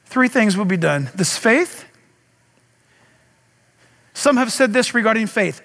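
A man's voice: high voice, lively intonation, slow, pauses often, a bit bright, in a large hall. A man preaching a sermon as pastor, talking straight to his congregation with passion. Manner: impassioned preaching, direct address to congregation.

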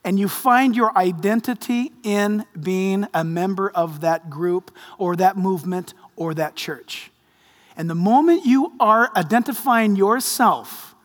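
A man in his fifties, a pastor preaching a sermon with lively storytelling and jokes. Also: high voice, measured pace. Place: large church hall. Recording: long hall reverb.

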